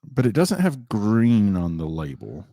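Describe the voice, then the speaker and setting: A man hosting a podcast, chatting casually and retelling a dinner story with lively storytelling. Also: lowish voice, measured pace, no echo. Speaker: podcast host. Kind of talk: casual chat.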